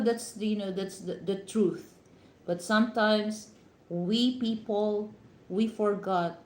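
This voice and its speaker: Broadcasting live from an echoey room, a woman from the Philippines speaks with a Filipino accent and gives her viewers advice. Her voice is medium-pitched and a little mellow, and her casual talk is full of "you know" fillers.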